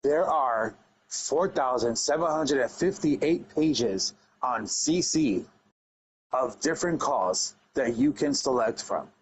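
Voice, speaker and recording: A man's voice: medium pitch, animated, slow pace, husky, low-quality recording. A man who runs an online wrestling league, talking casually and earnestly as a podcast guest, emphatic and rambling with restarts.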